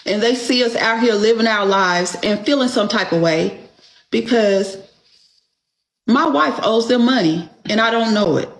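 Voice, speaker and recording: Woman guest, emphatic and profane storyteller, unhurried, in a roomy, echoey space. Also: on the high side. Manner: emphatic, profane, keeps asking "okay?". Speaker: guest telling her story. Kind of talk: casual storytelling. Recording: echoey room.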